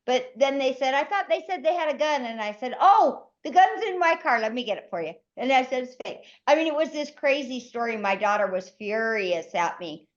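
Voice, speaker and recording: Lively high-voiced woman telling a story. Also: a little fast, few pauses. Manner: lively, animated storyteller acting out quotes. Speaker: co-host. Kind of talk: casual podcast storytelling. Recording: dull lo-fi podcast audio.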